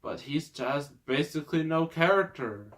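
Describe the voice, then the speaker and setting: A man's voice: fairly high pitch, expressive, moderate pace, fairly bright tone. A man hosting a casual movie review rant, exasperated and rambling, often breaking into laughter. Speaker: movie reviewer, host of the show.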